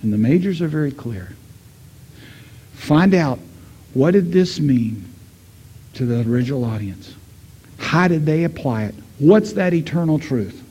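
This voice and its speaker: A middle-aged man preaching a sermon, telling a story and voicing the people in it, swinging from loud to hushed. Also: a little high, expressive, unhurried, long pauses, husky, lo-fi sound. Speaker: pastor.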